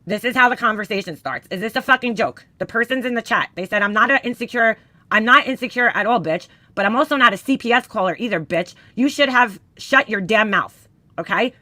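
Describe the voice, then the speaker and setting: A woman reading screenshots aloud in casual commentary, profane and exasperated, giving the quoted lines loud emphasis. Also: a little high, a little fast, dry recording.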